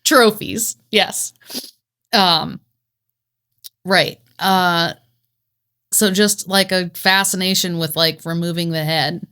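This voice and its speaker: A woman's voice: fairly low pitch, fairly even intonation, slow, pauses often, pushed and bright, clear, resonant tone. A woman co-hosting a true-crime podcast in casual chat, joking sarcastically and swearing freely. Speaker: podcast co-host.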